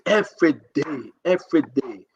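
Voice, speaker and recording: A man's voice: a little high, animated, normal speed, husky, highs cut off. A man with a Liberian English accent, hosting a live talk show and pleading his case with passion and repetition.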